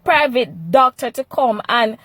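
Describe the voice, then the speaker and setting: A woman's voice: on the high side, expressive, a little slow, fairly bright tone, dry recording. A Jamaican woman vlogger commenting on a news clip in an emphatic, pleading way, slipping into dialect.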